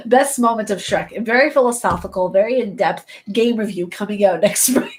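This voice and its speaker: A woman's voice: medium pitch, a little slow, long pauses, low-quality recording. A woman gaming streamer chatting casually and playfully with her live viewers, jumping from topic to topic.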